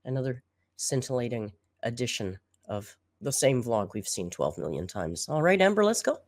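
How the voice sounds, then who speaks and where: A woman with a low voice and a slight hoarseness comments on a video she is reacting to. Her tone stays sarcastic and dry. The sound is close and dry, with no room around it. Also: sing-song, normal speed, a little mellow, no room sound. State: slightly hoarse after being sick. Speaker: reaction channel host.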